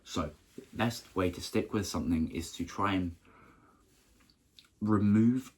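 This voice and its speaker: A young man talks earnestly to his viewers, very low in pitch with a husky edge. He speaks in short, halting phrases and often restarts his sentences. The delivery is casual and encouraging. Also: darkish tone. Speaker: motivational vlogger. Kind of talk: casual motivational talk to camera.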